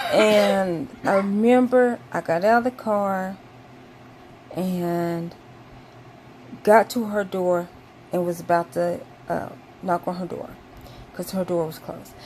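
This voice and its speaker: A woman's voice: medium pitch, creaky, darkish tone, a little hiss or hum. A woman vlogger casually telling a personal story to camera, with lots of "um" and "like" and bursts of exaggerated indignation.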